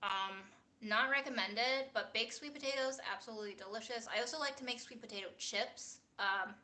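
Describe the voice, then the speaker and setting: A woman's voice: fairly high pitch, brisk, bright, forceful tone. A woman hosting a casual cooking livestream from a small home kitchen, blunt and playful as she talks.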